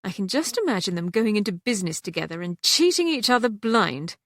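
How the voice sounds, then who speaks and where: A woman voicing a kind, breezy young English heiress who talks briskly and teasingly. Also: mid-range voice, big pitch swings, no room sound, clean studio sound.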